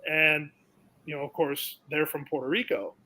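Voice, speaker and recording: A man's voice: a little high, moderate pace, low-quality recording. A young man from South Florida, a racetrack announcer, telling stories in a casual interview and acting out the people in them. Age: young adult. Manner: animated storyteller, acts out the people in his stories.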